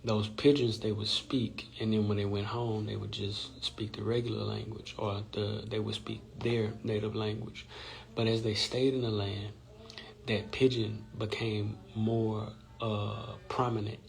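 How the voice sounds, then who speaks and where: On a casual social-media live stream, a host from Louisiana takes his time explaining things in a deep, monotone, gravelly voice, tossing in "right?" to check in. His phone or computer mic yields low-quality sound.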